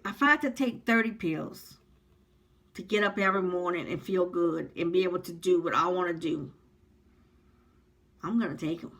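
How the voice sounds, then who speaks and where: A woman's voice: fairly low pitch, fairly bright tone. Earnest woman in her fifties. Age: 50s. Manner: earnest, heartfelt, rambling with many ums. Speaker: vlogger. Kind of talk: personal vlog talking to camera.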